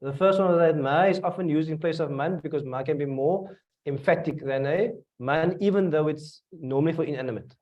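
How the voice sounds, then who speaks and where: A man's voice: a little high, fairly quick. South African man teaching, distant and dull. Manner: asks students questions, repeats and restarts while explaining. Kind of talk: classroom tafsir lesson. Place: classroom. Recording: dull lo-fi classroom recording from a distance.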